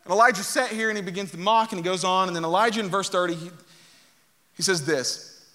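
A man preaching a sermon, reading scripture aloud and joking with animated energy. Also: high voice, quick pace. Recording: long hall reverb.

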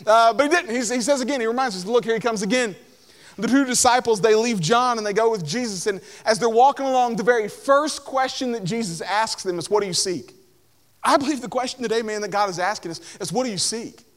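A man's voice: very high voice, a little fast. A young man preaching a casual sermon, filling his talk with "like" and acting out the people in the story. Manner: conversational, lots of "like", acts out voices of Bible figures. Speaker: pastor.

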